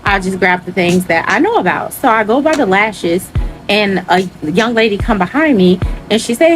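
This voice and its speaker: Woman retelling a story, faint music. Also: normal speed. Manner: animated retelling, acts out dialogue in a higher voice. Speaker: teacher. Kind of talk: storytime vlog, recounting an incident.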